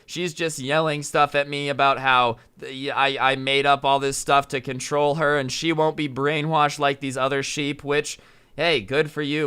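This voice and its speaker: A man's voice: mid-range voice, pushed and bright, smooth. A young man, a YouTuber, casually telling a story with many fillers and an amused tone. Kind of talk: storytime vlog.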